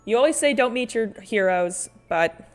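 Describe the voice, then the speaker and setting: Hosting a casual art livestream, this woman speaks in a slightly high, animated voice at a moderate pace over soft background music. She rambles with lots of fillers and restarts, reads the viewer chat aloud, and calls people "sweet bean" and "honey."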